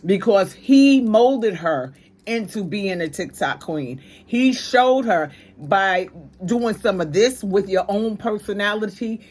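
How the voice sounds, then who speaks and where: Opinionated New woman ranting. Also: lowish voice. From New York. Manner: emphatic, slangy, ranting. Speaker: commentary channel host. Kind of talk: opinionated commentary.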